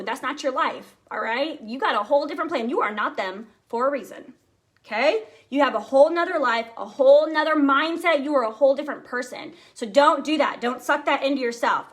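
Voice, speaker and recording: A woman sales team director giving an energetic, chatty motivational talk, speaking straight to her listeners. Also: sits high.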